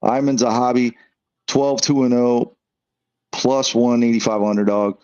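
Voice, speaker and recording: A man's voice: medium pitch, fairly even intonation, measured pace, a little mellow, smooth, highs cut off. A man hosting a casual podcast, reading out fight odds and giving picks, swearing now and then. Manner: casual, swears, reads out betting lines. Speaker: podcast host.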